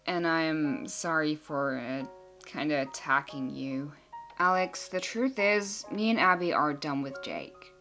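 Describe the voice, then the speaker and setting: A woman's voice: low voice, measured pace, pushed and bright, soft background music. A woman voicing several teenage girls in an amateur drama, talking in an emotional, earnest and sulky way. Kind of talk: amateur teen drama acting.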